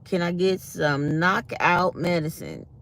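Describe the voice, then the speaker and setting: A woman's voice: fairly low pitch, takes it slowly, gravelly, a bit bright. Fields: Sex: woman. Role: vlogger. Style: chatty casual storytelling to viewers. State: sore mouth after dental work. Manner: chatty storytelling, speaks her mind.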